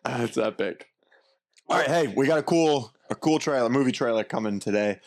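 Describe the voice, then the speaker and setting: A man's voice: medium pitch, normal speed. A man co-hosting a casual trailer reaction chat, playful and upbeat. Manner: lively, playful, sing-song. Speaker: co-host.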